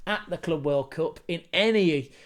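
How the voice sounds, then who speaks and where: A man's voice: on the high side, measured pace. A man from England chatting casually to camera about football, swearing freely and wandering into rambling asides. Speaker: football vlogger.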